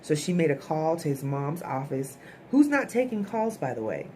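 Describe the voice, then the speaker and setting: A woman's voice: low voice, sing-song, moderate pace, darkish tone, a little hiss or hum. A woman giving a chatty, opinionated recap of a TV episode, blunt and swearing casually. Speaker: TV episode reviewer.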